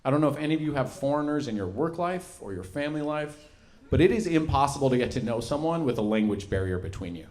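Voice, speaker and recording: A man performing a stand-up set, telling stories with animated delivery on a comedy stage. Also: mid-range voice, quick pace. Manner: animated storytelling.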